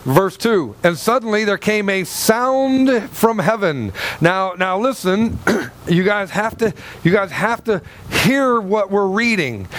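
A man's voice: sits high, fairly bright tone, a little hiss or hum. A male pastor preaching to a congregation, reading scripture and telling a story, repeating himself and asking 'Amen?' and 'Okay?'. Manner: rambling, repeats and restarts, checks in with the congregation. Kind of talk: sermon with Bible reading and anecdote.

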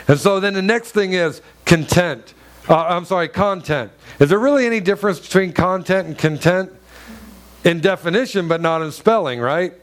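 A man preaching a sermon in a church, earnest and emphatic, with many rhetorical questions and repeated phrases. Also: high-pitched. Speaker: pastor.

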